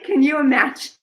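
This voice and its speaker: A woman's voice: high voice, a bit bright, poor audio. A woman psychic vlogger chatting casually and rambling to her viewers, swearing freely.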